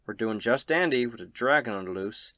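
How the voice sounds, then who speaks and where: A man's voice: medium pitch, lively intonation, brisk, bright, forceful tone, no echo. A man voicing a small, cocky male adventurer in a tabletop game, with a folksy, boastful way of talking. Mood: wry.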